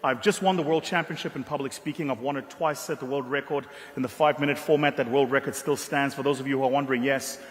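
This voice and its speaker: A man's voice: medium pitch, steady tone. South African man giving a keynote. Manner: storytelling, dramatic pauses, emphatic. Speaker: keynote speaker. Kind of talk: motivational keynote speech. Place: large ballroom. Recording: long hall reverb.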